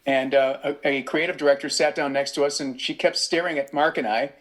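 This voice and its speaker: Man telling lively anecdotes in interview. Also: a little high, a little fast. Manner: animated anecdotes with acted-out quotes. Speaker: voice actor guest. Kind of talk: casual interview storytelling. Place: home recording studio.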